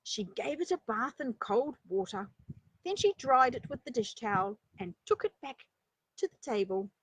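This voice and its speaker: A woman reading a children's story aloud, breaking off for chatty asides and rhetorical questions to her listeners, with a breathy voice. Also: a little high, lively intonation, normal speed, dry recording. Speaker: storyteller and life coach.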